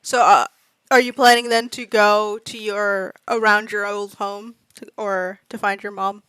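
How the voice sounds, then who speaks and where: A woman's voice: medium pitch, little pitch movement, measured pace, a bit bright, smooth, no room sound. A woman narrating as game master of a tabletop game, laughing often and briefly acting out characters.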